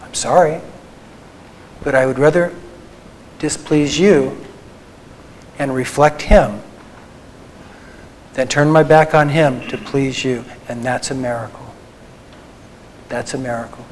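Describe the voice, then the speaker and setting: A man, a Christian psychologist, giving an earnest faith talk to a group, slowing down and softening for emphasis. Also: medium pitch, slight background noise, poor audio. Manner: earnest, tender, slows for emphasis.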